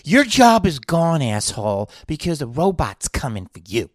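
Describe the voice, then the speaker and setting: A man's voice: medium pitch, animated, moderate pace, darkish tone, no room sound, studio quality. A man hosting a solo podcast from a hotel room, telling a rambling story with lots of swearing and sighing. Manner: profane, sighing, digressive. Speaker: podcast host.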